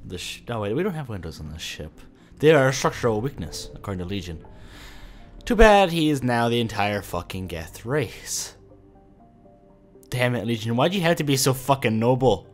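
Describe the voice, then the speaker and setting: Lively, profane gaming commentator man. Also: mid-range voice, normal speed, soft background music. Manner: rambling and profane, often swears; thinks aloud while playing. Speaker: gamer playing a video game. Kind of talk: let's play commentary.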